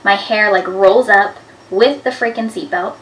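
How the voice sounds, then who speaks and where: A woman in her twenties telling embarrassing stories to camera in a chatty, animated way, with lots of "like" fillers. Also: mid-range voice, unhurried, slight background noise. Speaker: vlogger. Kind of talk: casual storytelling to camera. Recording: echoey room, a bit far from the mic.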